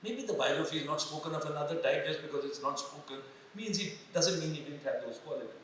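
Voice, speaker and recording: A man's voice: on the high side, quick pace, a bit bright, slight background noise. An older man with an Indian English accent giving a motivational leadership lecture to students, questioning the audience and slipping into Hindi phrases. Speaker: retired army general giving a leadership talk. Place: large hall. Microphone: microphone through speakers. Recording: echoey hall, voice from a distance.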